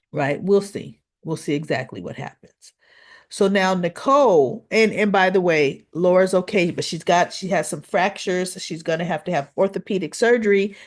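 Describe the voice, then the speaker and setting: A woman chatting through a casual recap of a soap opera episode, tossing in tag questions and acting out what the characters said. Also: fairly low pitch. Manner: retells scenes by acting out quoted lines.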